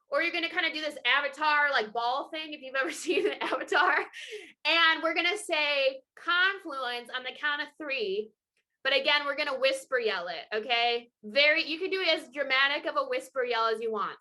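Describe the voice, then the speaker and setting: A bright, high-pitched young woman leads children through a lively movement lesson over a video call. She sounds energetic, encouraging and playful. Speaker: children's water festival educator. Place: home, indoors.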